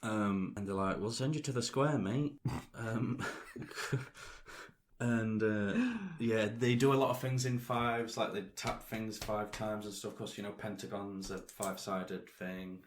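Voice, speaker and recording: A man's voice: fairly low pitch, flat delivery, takes it slowly, slight background noise. A young man, co-hosting a casual podcast and reviewing films in a dry, blunt, sweary way. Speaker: podcast co-host. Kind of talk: casual film review chat.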